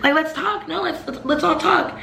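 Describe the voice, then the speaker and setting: A woman voicing a calm, needling young woman who mocks a man in a storytime retelling. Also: moderate pace, creaky, roomy sound, a little hiss or hum, heavily acted. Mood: mocking. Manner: calm, needling, raised pitch.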